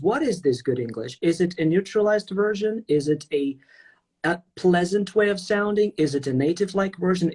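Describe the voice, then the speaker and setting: A man's voice: high voice, darkish tone, husky. A man with a Russian accent hosting a livestream interview, chatty and full of questions. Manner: chatty, questioning, laughs easily. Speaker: host.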